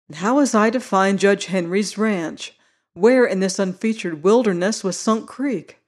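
Measured audiobook narrator. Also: mid-range voice, a little mellow. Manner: measured, literary reading. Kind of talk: scripted first-person narration.

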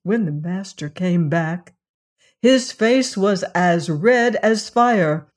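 A storyteller reading a fairy tale aloud in a slow, measured manner. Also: mid-range voice, expressive.

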